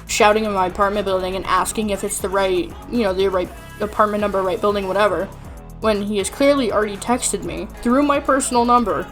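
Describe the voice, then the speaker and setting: A woman's voice: mid-range voice, moderate pace, faint music behind. A young woman streamer telling a rant in casual chat, exasperated and swearing often.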